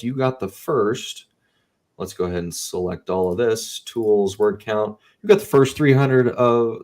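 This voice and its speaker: A man with a fairly low voice talks as a guest on a video call. He is chatty and animated, keeps talking over the host and laughs loudly. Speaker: guest author. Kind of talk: casual interview chat.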